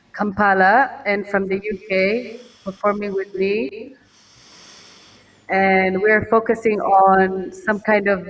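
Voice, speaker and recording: Woman, guest musician on a remote call; loose, friendly talk, often laughing; mid pitch, distant sound. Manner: laughs often, chatty and warm. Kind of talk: casual remote interview. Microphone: video call. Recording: distant video call audio.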